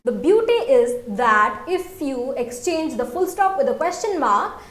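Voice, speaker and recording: A woman's voice: sits high, sing-song, a little slow, echoey room. A woman teaching a language lesson online, explaining patiently and repeating each example sentence.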